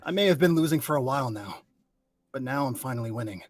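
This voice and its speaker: A man reading the part of an older male horse leader, stern and weary, in a low, subdued dramatic read. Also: animated, fast, natural voice. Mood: grim.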